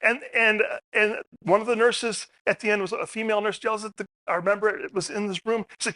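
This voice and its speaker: Animated bright-voiced man telling stories. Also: sits high, a little fast, dry recording. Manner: animated storyteller, acts out quotes. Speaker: speaker at a public forum. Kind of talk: personal storytelling talk. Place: public forum room.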